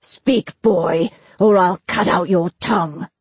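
A woman's voice: lowish voice, slow pace, breathy edge, no echo, exaggerated voice. A woman narrator voicing a brutal, mocking army general who threatens a young man. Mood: menacing. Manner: menacing, taunting. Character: brutal middle-aged male general, cruel and mocking.

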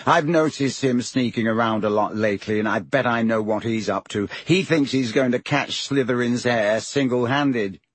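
A man's voice: medium pitch, moderate pace, few pauses, breathy edge, dry recording, lightly acted. A man voicing an arrogant teenage schoolboy who drawls and sneers. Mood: drawling, sneering.

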